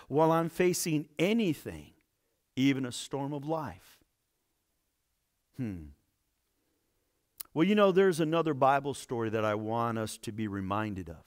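Delivering a sermon, this man of the cloth alternates loud points with hushed, low-voiced asides. He reads the scripture with drama, performing each quoted line.

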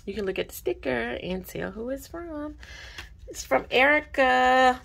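A woman vlogging casually at her desk about budgeting supplies and mail she received, gushing and repeating herself when excited. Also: high-pitched, measured pace, creaky. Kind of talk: casual unboxing vlog. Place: home desk.

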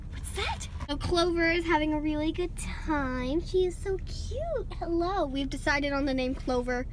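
A woman's voice: high voice, lively intonation, moderate pace, hardly any pauses. A young woman vlogging at home, bubbly and gushing as she talks. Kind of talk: excited home vlog. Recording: loud background noise.

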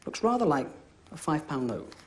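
A man's voice: on the high side, very animated, fairly quick, slight background noise. A young man performing comedy close-up magic, chatty and joking, always checking in with "all right?". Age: young adult. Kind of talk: comic close-up magic patter. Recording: live TV studio with audience.

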